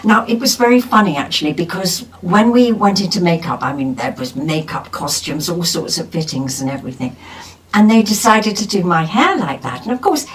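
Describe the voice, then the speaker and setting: Woman co-host, reads listener mail with lively, expressive delivery, sits back from the mic. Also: lowish voice, a little fast, far from the mic, poor audio. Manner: lively, expressive reading with laughs. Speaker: podcast co-host. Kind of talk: reading a listener letter aloud.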